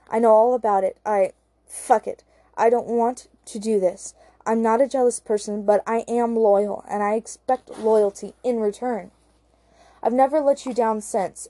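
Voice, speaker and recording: A woman's voice: on the high side, warm tone, dry recording, natural voice. A woman reading the part of an angry, hurt wife in an audiobook, accusing and bitter.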